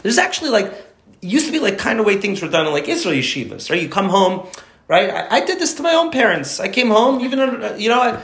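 A man gives an informal lecture to a study group in an indoor room, rambling and emphatic and often restarting his sentences. He talks fast in a high, fairly bright voice with big pitch swings. The room sounds echoey.

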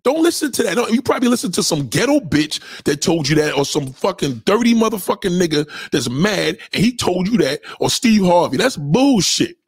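A man hosting a podcast, ranting in profane commentary, loud and preachy, repeating himself. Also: sits high, sing-song, fairly quick, hardly any pauses, slightly rough, dry recording.

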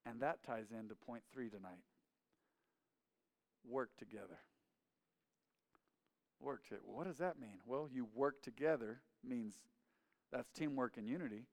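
A man's voice: medium pitch, measured pace, pauses often. A man preaching a sermon as a pastor, with emphatic, repetitive phrasing. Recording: long hall reverb.

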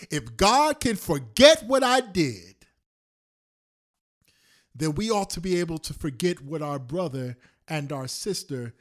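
A male pastor preaching a sermon on a prayer call, repeating lines slowly for emphasis and swinging between loud and soft. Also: fairly high pitch. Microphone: phone call.

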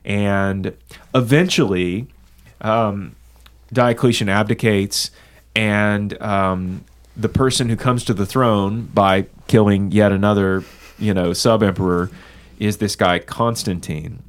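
Deep-voiced man explaining history. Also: steady tone, smooth. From American South. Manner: measured, explanatory, with many "um"s. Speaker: podcast co-host. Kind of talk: casual discussion of church history.

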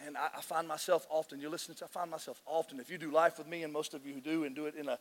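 A man preaching a sermon as pastor, emotional and excitable, often restarting his sentences. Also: fairly high pitch, racing. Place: large church hall. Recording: long hall reverb.

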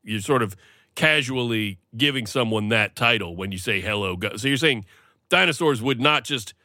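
A man co-hosting a podcast, teasing his partner in a mock-formal, deadpan way. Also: mid-range voice, normal speed, no echo. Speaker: podcast co-host. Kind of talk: casual comedic chat.

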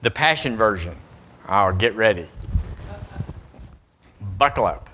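A pastor, preaching emphatically and reading scripture with lively asides. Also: male voice, fairly low pitch, slow pace, long pauses. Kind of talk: sermon.

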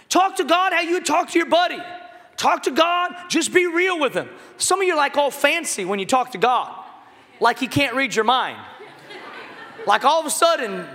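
A pastor preaching a sermon, joking with the congregation and shouting his key lines. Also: very high-pitched. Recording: long hall reverb.

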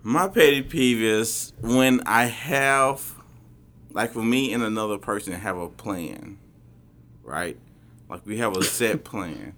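Laid-back, bright-voiced man podcast host. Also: lowish voice, slow. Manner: laid-back, chuckling, agreeable. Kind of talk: casual chat.

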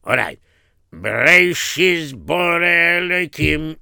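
A man's voice: on the high side, gravelly, sharp tone, smooth, dry recording, studio quality, voice pushed up, full character voice. A man voicing a patient male Hebrew teacher who coaxes and praises a small pupil, explaining step by step.

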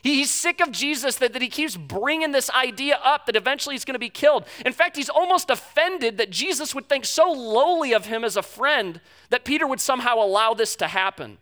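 Animated bright-voiced male pastor preaching. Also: fairly quick, hardly any pauses. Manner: animated storytelling, acts out quotes with big pitch jumps. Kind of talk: sermon.

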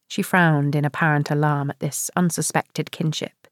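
A woman reads a novel aloud in a measured, steady way, giving the characters light touches of their own. Her voice sits low, and the recording is dry and close with no room around it. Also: no room sound. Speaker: audiobook narrator. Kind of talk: scripted audiobook narration.

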